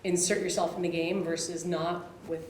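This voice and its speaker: A woman's voice: lowish voice, flat delivery, moderate pace, darkish tone. A woman, a coach in the audience, adding a thoughtful comment to the discussion. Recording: echoey room with faint background noise.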